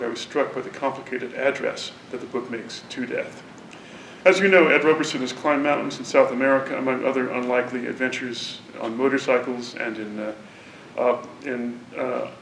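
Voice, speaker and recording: A man introducing a poet at a university event, reading a prepared, deliberate academic introduction. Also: a bit bright. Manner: measured, deliberate academic delivery. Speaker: lecture introducer. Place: university lecture hall. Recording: roomy hall from a distance, faint rumble.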